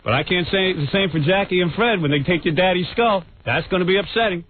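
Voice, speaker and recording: A man's voice: high voice, fast talker. A man hosting a radio show, taunting a rival in a crude, mock-menacing bit. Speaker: radio host. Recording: tinny lo-fi radio broadcast, faint hiss.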